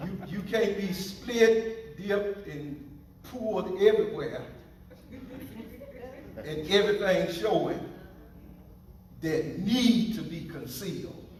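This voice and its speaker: A man's voice: sits high, expressive, slow pace, pauses often, a little mellow, heavy reverb, distant mic, a little hiss or hum, poor audio. A man preaching a sermon as pastor, playful and joking with his congregation.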